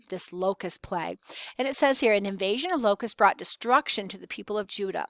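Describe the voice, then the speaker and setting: Woman, Bible teacher, scripture reading, dramatic stresses and pauses, dry close sound. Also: medium pitch, fairly bright tone, no echo. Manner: conversational, with fillers and restarts.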